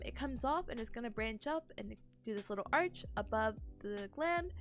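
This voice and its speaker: A young woman streaming a casual study session, bubbly and chatty, laughing often as she talks. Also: on the high side. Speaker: student streamer. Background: soft lofi music.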